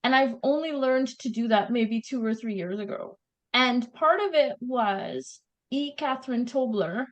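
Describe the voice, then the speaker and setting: High-voiced Canadian woman, chatty author. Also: unhurried, lo-fi sound. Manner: chatty, animated storytelling. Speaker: guest author. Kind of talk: casual interview chat.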